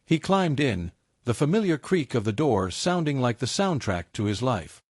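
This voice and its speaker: A man reading a story as its narrator in a measured, descriptive way. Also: mid-range voice, very animated, a little mellow, slightly rough, no room sound, clean studio sound.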